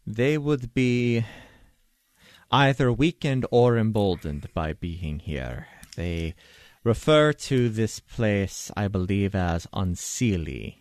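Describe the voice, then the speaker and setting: A man voicing a formal, measured male expert on the Fae in a tabletop game, speaking with deliberate phrasing. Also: fairly low pitch, no room sound. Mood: grave.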